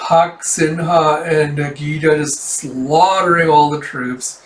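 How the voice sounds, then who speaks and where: A man's voice: on the high side, steady tone, takes it slowly. Casual man reading a manga aloud. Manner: loose, chatty, keeps saying "it's like". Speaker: manga reader. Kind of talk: casual read-aloud recap. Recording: roomy, distant mic, faint ambience.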